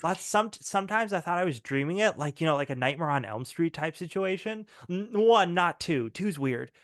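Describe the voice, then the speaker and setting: A man voicing an excitable young boy who rambles and stumbles over fillers in a tabletop game. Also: fairly high pitch, normal speed, no room sound, studio quality. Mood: excited. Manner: breathless, stumbling, full of fillers.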